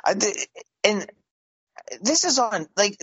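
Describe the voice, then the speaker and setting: A man's voice: sits high, very animated, takes it slowly, pushed and bright, slightly rough, dry recording. A man from Canada rambling through a story in casual, profane podcast banter, with many restarts. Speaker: podcast co-host. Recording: dull lo-fi dry sound.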